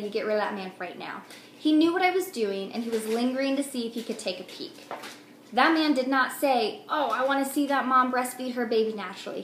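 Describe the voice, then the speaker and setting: A young woman, a mom vlogger, talking frankly and earnestly to the camera in a casual way, with frequent ums. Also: on the high side. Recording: echoey room with faint noise.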